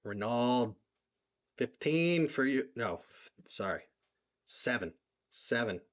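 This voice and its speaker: Philly-male stream host, excitable, repeats lines, slightly muffled audio. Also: mid-range voice, slow. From southeastern Pennsylvania. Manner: excitable, repeats himself, reads donations aloud. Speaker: livestream fundraiser host. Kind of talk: live stream chat.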